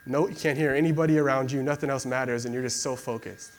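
A man's voice: mid-range voice, steady tone, fast talker, slight background noise. Young man preaching in a casual way. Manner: conversational, many fillers like "like". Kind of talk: casual sermon and prayer.

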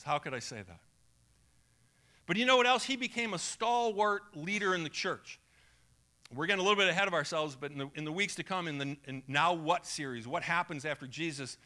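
A man's voice: on the high side, bright, forceful tone. A male pastor preaching a conversational sermon, acting out quoted voices.

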